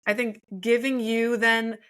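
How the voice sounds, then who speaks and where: This podcast guest is a marriage and family therapist in her thirties whose voice is a little high, level, slightly bright and clean, though the recording itself is rough. She talks a bit slowly, keeps her explanations friendly, and laughs readily.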